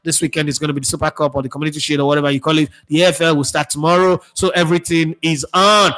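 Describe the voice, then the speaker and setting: A man's voice: fairly high pitch, level tone, very fast, sharp tone. A man hosting a casual live football talk show, reading viewer comments with sarcastic, chatty asides and many fillers. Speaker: sports talk host.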